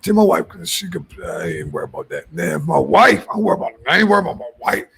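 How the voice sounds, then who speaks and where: A man, co-hosting a podcast in loud, profane, animated casual chat. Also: on the high side, fast talker, gravelly, breathy edge. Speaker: podcast co-host.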